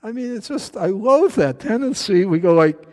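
A man preaching a verse-by-verse Bible sermon in a chatty way, with many fillers and restarts, acting out quoted voices with big jumps in pitch. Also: animated, normal speed. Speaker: pastor. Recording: long hall reverb.

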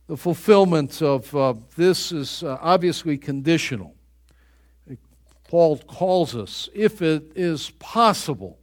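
A man preaching a sermon, reading scripture aloud with earnest emphasis and pausing to find passages. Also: lively intonation. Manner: earnest, rises in pitch and volume on emphatic scripture lines.

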